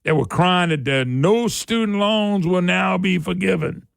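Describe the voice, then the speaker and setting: A middle-aged talk radio host with a raised, gravelly voice tears through a heated political monologue. He hammers his points again and again and gets louder and higher as he heats up. The sound is close and dry in a studio. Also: a little slow, no echo. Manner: fiery and emphatic, repeats points, rises sharply when worked up.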